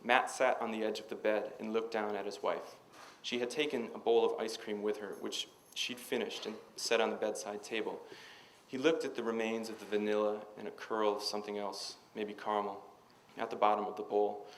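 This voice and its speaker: A man reading his own fiction aloud at a university reading, in a measured, even manner. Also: on the low side, slight background noise, low-quality recording. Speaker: author.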